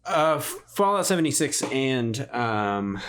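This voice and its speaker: A young man, a guest on a podcast, chatting casually and quickly with many filler words. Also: mid-range voice, very animated, fairly bright tone, smooth. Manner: quick, filler-heavy with lots of "like". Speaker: podcast guest, video creator.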